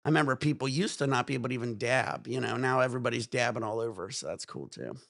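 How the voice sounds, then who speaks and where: A laid-back man chats on a livestream, rambling and laughing as he goes. His voice has a gravelly edge and sits at an average pitch. The sound is dry and close. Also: lively intonation, quick pace, a bit bright, no echo. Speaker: livestream host. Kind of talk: casual livestream chat.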